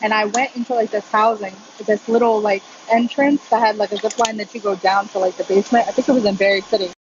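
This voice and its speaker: A woman live streaming from a gym on her phone, telling a story in casual chat full of "like" and quick laughs. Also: medium pitch, steady tone, dull audio, background noise.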